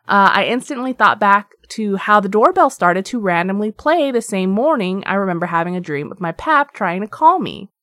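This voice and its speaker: A woman's voice: medium pitch, normal speed, hardly any pauses, dry recording. A woman co-hosting a podcast, reading listener stories aloud. Her voice swoops up and down with plenty of life, and she breaks off for chatty asides. The sound is close and dry. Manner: lively, laughs often, chatty asides while reading. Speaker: podcast co-host.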